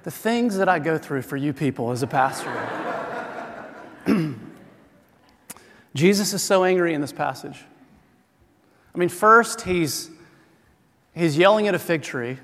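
A middle-aged man delivers a sermon from a church pulpit, his voice sitting a little higher than most men's. He talks in a relaxed, conversational way with bits of self-deprecating humor, and a long reverb trails his words through the sanctuary. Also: measured pace, pauses often, slight background noise. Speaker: pastor.

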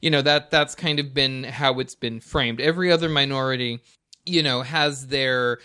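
A man's voice: mid-range voice, moderate pace, pushed and bright, clean tone. A man talking in a casual podcast discussion, rambling with many restarts and fillers.

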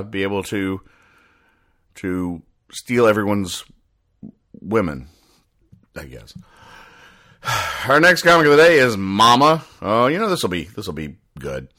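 A man hosting a comedy show, rambling through comic strips with deadpan, mock-serious explanations. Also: fairly low pitch, a little slow, pauses often. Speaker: podcast host.

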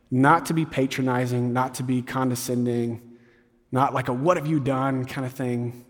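A man preaching a conversational sermon as a campus pastor, retelling scenes with quick asides. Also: medium pitch, long reverb tail.

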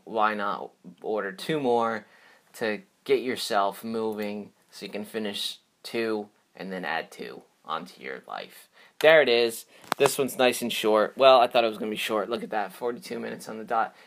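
A man's voice: on the low side, a bit bright. Upbeat rambling podcast host, man. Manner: rambling, upbeat, with many fillers and restarts. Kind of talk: casual solo podcast outro.

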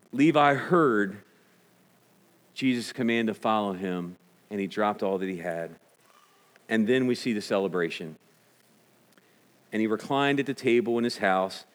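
Conversational pastor in a reverberant hall. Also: male voice, mid-range voice. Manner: conversational, asks the congregation questions. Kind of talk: sermon.

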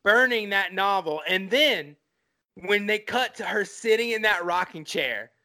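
High, bright-voiced man gushing about a film. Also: a little slow. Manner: animated, profane, swept up in emotion. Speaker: podcast co-host. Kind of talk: casual film-review chat.

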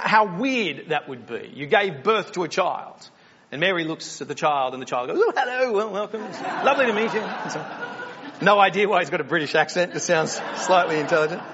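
A man's voice: sits high, a bit bright, highs cut off. A man preaching a sermon as the church pastor, earnest and questioning, often restarting his words.

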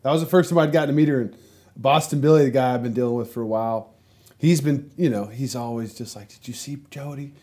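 A man's voice: medium pitch, quick pace, dark tone. A man hosting a podcast in casual chat, laid-back and slangy, swearing freely. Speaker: podcast host.

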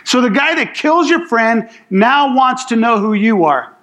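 A man's voice: very high-pitched, lively intonation, a little slow, fairly bright tone. A man preaching a sermon as a pastor, telling the story casually with slang and acting out what people say. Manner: acts out quoted speech in the story.

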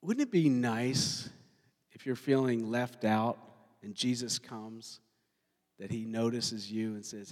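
A male pastor preaching a sermon, talking in an animated way and putting questions to his congregation. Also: mid-range voice, takes it slowly. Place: church sanctuary. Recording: long hall reverb.

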